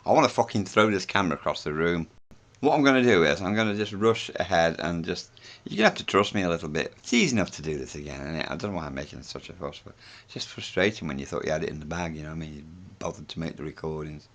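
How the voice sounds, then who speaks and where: Low, deep-voiced British man running a home experiment on camera, chatty, swears a lot. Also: lively intonation, fast talker, fairly bright tone. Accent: British English. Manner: chatty, thinks aloud, swears freely. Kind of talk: talking through a home experiment.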